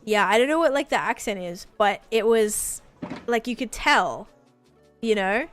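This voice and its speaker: A woman's voice: medium pitch, animated, unhurried, fairly bright tone, soft background music. A young woman from New York, chatting and rambling casually to viewers while streaming a game. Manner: rambling, chatty, thinking aloud. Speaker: gaming streamer. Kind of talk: casual livestream chat while playing.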